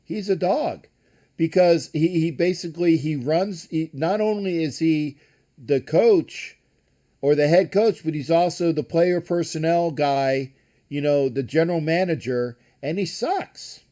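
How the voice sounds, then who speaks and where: Older man, sports show host, rambling, profane, restarts, slightly high voice, mellow, faint music behind. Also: a little slow. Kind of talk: casual live-stream sports chat.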